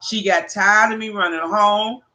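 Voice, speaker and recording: A woman hosting a livestream, chatting casually with viewers and telling animated, profane stories. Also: medium pitch, a little slow. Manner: addresses viewers by name. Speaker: livestream host.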